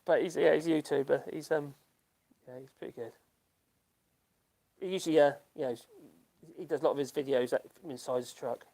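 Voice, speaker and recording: An older man with a Norfolk accent, hosting a casual livestream and reading chat comments in a rambling, halting way full of ums and laughs. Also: on the high side, fairly even intonation, gravelly, dark tone. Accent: Norfolk English. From Norfolk, England.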